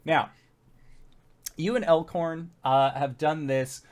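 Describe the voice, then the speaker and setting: A man's voice: fairly high pitch, fairly even intonation, slow. A man narrating as game master of a tabletop game, loose and full of fillers.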